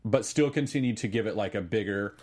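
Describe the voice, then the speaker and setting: A man's voice: lowish voice, fairly quick, a loud crowd. A man hosting a podcast, reading out listener messages and chatting casually, with lots of fillers. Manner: rambling, filler-heavy, good-humored.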